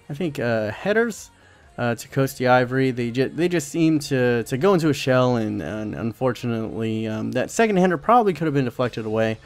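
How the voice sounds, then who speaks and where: A man's voice: medium pitch, a little mellow. A young man talks over his football game footage in a loose, chatty way. He rambles, restarts his sentences and fills gaps with ums and uhs, like a channel host chatting to his regular viewers. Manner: rambling, many fillers and restarts. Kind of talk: casual commentary over gameplay.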